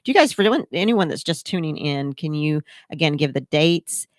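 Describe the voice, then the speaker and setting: Woman, radio talk host, low voice, dry sound, encouraging. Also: animated, a little fast, dry recording. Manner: warm, encouraging, chatty with fillers. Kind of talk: casual interview chat.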